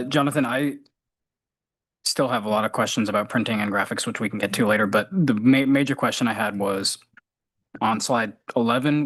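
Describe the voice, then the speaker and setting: A committee member politely asking about slide figures at a budget meeting. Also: male voice, fairly low pitch, fairly bright tone, slightly rough, no echo. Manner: polite, inquiring. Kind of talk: meeting question.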